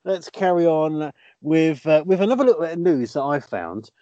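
Man, podcast co-host, chatty, animated pitch, dry slightly muffled mic. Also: normal speed, soft background music. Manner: chatty, news-sharing, playful. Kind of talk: casual podcast chat.

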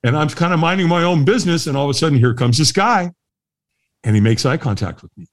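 A middle-aged man, a guest on a podcast, telling a story in a lively way and laughing often. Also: fairly high pitch, quick pace. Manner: lively, laughs often, acts out the voices of others. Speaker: guest, firewalk instructor. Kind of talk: animated storytelling in a podcast interview.

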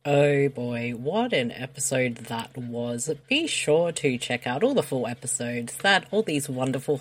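Low-voiced woman, lively podcast co-host. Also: breathy edge. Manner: joking, brash, upbeat host. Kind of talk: casual movie commentary chat.

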